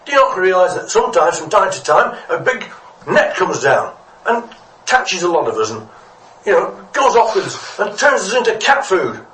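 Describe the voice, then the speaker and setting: A man's voice: mid-range voice, a little fast, close to an everyday voice. A man voicing a small, earnest fish puzzled by the others. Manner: earnest, bewildered. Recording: echoey room from a distance.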